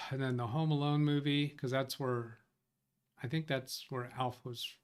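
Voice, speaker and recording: This livestream host's voice is medium-pitched, steady, clean, and a little slow. He runs a casual tech support stream, reading out viewer comments, musing aloud, wandering off track, and fixing his own mistakes.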